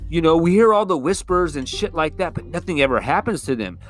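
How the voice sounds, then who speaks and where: A man's voice: fairly high pitch, animated, fairly quick. A man hosts his own podcast and rants about politics in a loose, profane, rambling style. He gets heated and swears freely, with a guitar playing faintly in the background. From California. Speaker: podcast host. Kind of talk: casual political rant. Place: California.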